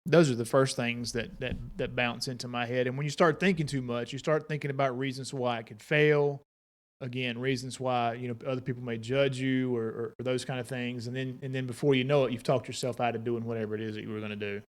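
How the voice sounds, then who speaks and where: A man's voice: mid-range voice, fairly even intonation, a little fast. A man co-hosting a casual podcast conversation, giving short agreeing replies and plain explanations. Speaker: podcast co-host.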